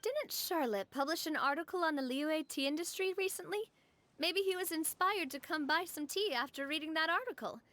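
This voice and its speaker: A woman's voice: sits high, lively intonation, normal speed, sharp tone. A woman playing a cheerful, outgoing young woman who talks in a breezy, encouraging way. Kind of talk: game dialogue voice acting. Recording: game cutscene with faint music.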